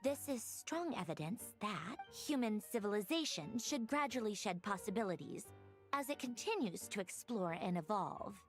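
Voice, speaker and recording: A woman voicing an intense scholarly researcher in a game, who theorizes aloud in a measured, formal way. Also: mid-range voice, lively intonation, soft background music, lightly acted. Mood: pensive. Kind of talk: game voice acting.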